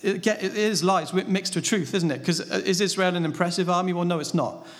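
A high-pitched man talking a little fast preaches a sermon on a Bible passage, speaking conversationally and posing rhetorical questions to his listeners. The recording carries the long reverb of a large hall.

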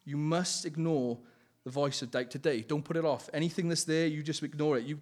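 A man's voice: a little high, fairly even intonation, brisk, a little mellow. A man giving an informal sermon with personal testimony, earnest and pleading, often laughing and correcting himself mid-sentence. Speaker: lay preacher.

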